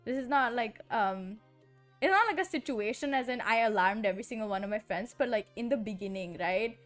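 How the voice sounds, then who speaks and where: A woman's voice: a little high, animated, brisk, faint music behind. Giggly rambling young-sounding woman. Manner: giggly, rambling, heavy use of filler "like". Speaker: streamer. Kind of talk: casual chat.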